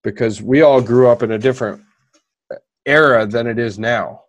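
A man's voice: medium pitch, moderate pace. A man hosting a podcast in casual chat, asking loose, rambling questions. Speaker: podcast host.

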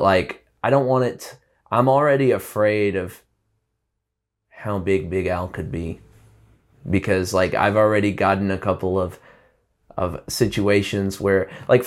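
A man with a somewhat low voice chats casually as a guest musician. He rambles, restarting sentences and leaning on fillers as he thinks aloud. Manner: loose and rambling, full of "like" and restarts. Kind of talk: casual interview chat.

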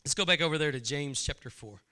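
Male pastor, sermon delivery, crisp bright tone, fervent with repetition. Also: on the high side, quick pace. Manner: preaching with rising fervor and repeated phrases.

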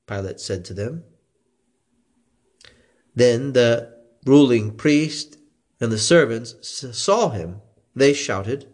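A man reading scripture aloud in a slow, expressive way. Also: mid-range voice. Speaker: scripture reader.

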